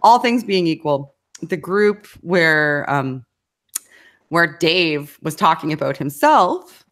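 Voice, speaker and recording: A woman's voice: deep voice, sing-song, takes it slowly, a bit bright. A woman as an interview guest, talking casually in a rambling way with fillers, restarts and frequent laughs. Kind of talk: casual conversation.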